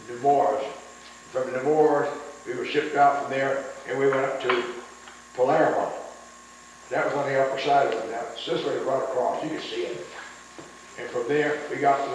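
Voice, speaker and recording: An older veteran man tells rambling wartime stories, repeating words and acting out what others said. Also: mid-range voice. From United States. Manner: rambling storyteller, repeats words, acts out quotes. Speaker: veteran interviewee. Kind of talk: oral history recollection. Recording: echoey room, distant mic, faint noise.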